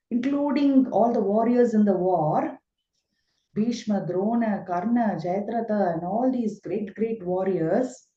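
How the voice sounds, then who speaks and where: A woman's voice: medium pitch, mellow. A woman spiritual teacher giving a scripture lesson as vivid storytelling with rhetorical questions. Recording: roomy, dull recording.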